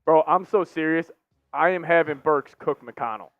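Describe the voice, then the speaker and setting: A man with a fairly high voice chimes in as co-host with blunt, emphatic fan takes. His audio sounds slightly dull and dry, like a remote mic. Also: normal speed, no room sound. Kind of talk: casual fan commentary.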